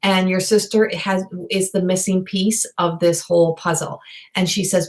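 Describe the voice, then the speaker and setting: A woman giving a live online psychic reading. She talks in a halting, rambling way, full of fillers and restarts, and passes on messages in a direct, earnest manner. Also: lowish voice, fairly even intonation, darkish tone. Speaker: psychic medium. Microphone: video call or webcam.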